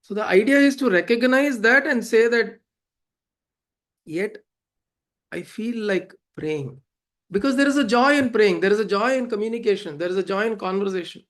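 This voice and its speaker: A man giving a spiritual discourse, animated and laughing often as he acts out quoted voices. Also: high voice, quick pace, few pauses. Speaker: spiritual teacher.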